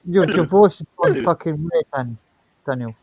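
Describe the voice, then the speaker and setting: A man's voice: fairly high pitch, animated, normal speed, darkish tone, no room sound, low-quality recording. A man bluntly heckling his friends in a casual chat, swearing freely.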